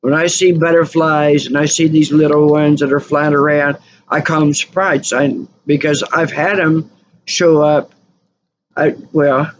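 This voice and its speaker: A woman's voice: deep voice, fairly even intonation, unhurried. A woman telling stories in a rambling, casual monologue, repeating and correcting herself. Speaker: channel host. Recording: dull lo-fi recording with faint noise.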